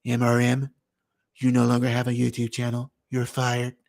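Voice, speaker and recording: A man playing a stern male boss who hands down a firing in flat, clipped words. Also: medium pitch, moderate pace, gravelly, voice pushed down, lightly acted.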